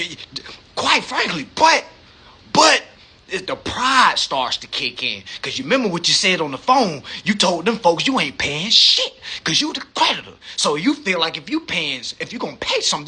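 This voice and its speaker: A man holds forth on a live stream in a profane, slang-heavy monologue. He keeps asking rhetorical questions and repeating words. His voice sits high and swings widely, and it sounds bright and husky. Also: very animated, moderate pace. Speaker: livestream host.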